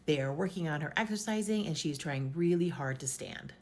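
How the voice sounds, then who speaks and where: A woman's voice: deep voice, animated, fairly quick, a little mellow. A woman casually recapping a reality show's story, chatty and full of "basically" and "like". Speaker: show recap host.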